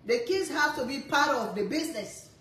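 A woman and mother chatting casually to camera, lecturing her kids in a half-joking, animated way with lots of repetition. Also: high-pitched, moderate pace. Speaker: cooking vlogger and mother. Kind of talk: casual family chat to camera. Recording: echoey room, faint background noise.

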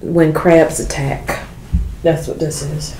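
This woman speaks slowly in a deep, level, slightly mellow voice while eating on camera for a casual mukbang video. She chews and hums between remarks, calls her viewers "y'all," and the recording has echo and faint noise.

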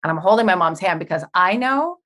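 A woman's voice: on the low side, animated, brisk, fairly bright tone. A woman in her thirties, a podcast guest telling a personal story with animation, acting out the dialogue and swearing.

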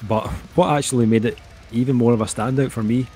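A man's voice: mid-range voice, steady tone, quick pace, warm tone, soft background music. A middle-aged man co-hosting an album review, talking casually and rambling with lots of fillers. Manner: rambling, heavy on fillers like "um" and "kinda".

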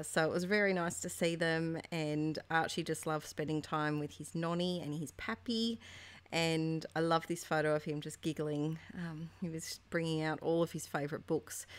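A woman in her thirties with a notably low-pitched voice talks through her scrapbooking in a relaxed voice-over. She is chatty and friendly, wandering from point to point as she works. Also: moderate pace. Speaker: craft vlogger. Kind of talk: casual voice-over while scrapbooking.

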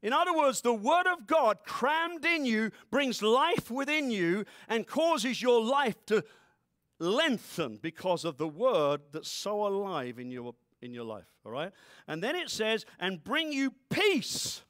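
A man preaching a sermon, playful, with quick asides and comic voices. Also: high voice, very animated, a bit bright, no room sound, clean studio sound. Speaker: pastor.

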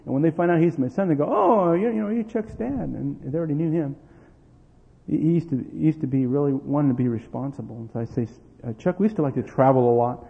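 Through tinny lo-fi sound and long hall reverb, a middle-aged preacher with vocal fry speaks quickly in a mid-range voice. He's an animated storyteller, laughing as he energetically performs dialogue from family stories.

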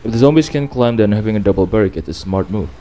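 A man's voice: on the low side, animated, very fast, dark tone. A man commentating his gameplay casually, playfully polite and chatting to the characters. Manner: chivalrous, playfully polite, talks to game characters. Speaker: gameplay streamer. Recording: voice over game music.

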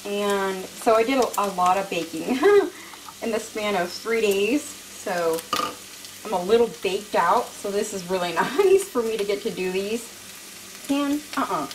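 A woman's voice: medium pitch, expressive, unhurried, noisy background. A woman hosting a home cooking video, chatting casually and poking fun at herself while she cooks at the stove. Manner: chatty, self-mocking, laughs often.

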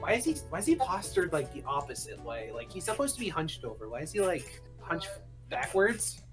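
Casting: lively male podcast co-host, pitch swings widely, faint music behind. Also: a little fast. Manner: animated, breaks into high silly voices. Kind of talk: casual group chat.

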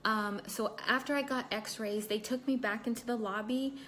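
A young woman hosts a casual livestream from home, her voice a touch high. She talks loosely and keeps breaking off to thank and greet viewers. Faint background noise sits under her voice. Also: fairly even intonation, normal speed, a bit bright. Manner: chatty, reads viewer comments aloud. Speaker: livestream host. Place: at home indoors.

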